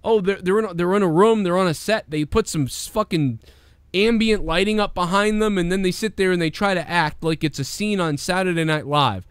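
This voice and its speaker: Animated male co-host, high-pitched, dry close recording, rants and swears. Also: fairly quick, clear, resonant tone, dry recording. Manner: animated, mocking impressions, swearing. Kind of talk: casual review chat. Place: room with glowing lights behind.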